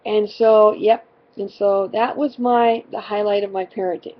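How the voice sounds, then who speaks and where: A medium-pitched woman with a steady tone and measured pace shares a funny family story as a mother, dramatic and exasperated. She rambles casually, constantly saying "you know," on a muffled recording.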